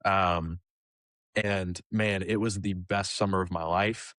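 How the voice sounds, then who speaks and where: Low-voiced young man telling a story. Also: takes it slowly, no echo, studio quality. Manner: animated storyteller who acts out quoted dialogue; casual, with frequent fillers like "like" and "um". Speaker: kids ministry leader, podcast guest. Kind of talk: conversational storytelling.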